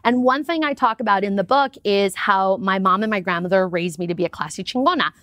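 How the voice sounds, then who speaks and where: An upbeat woman guest tells stories with lively expression in a relaxed interview chat. Her voice is recorded close and dry, with no room sound around it. She sits at a middle pitch for a woman. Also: brisk, dry recording. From United States. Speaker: podcast guest.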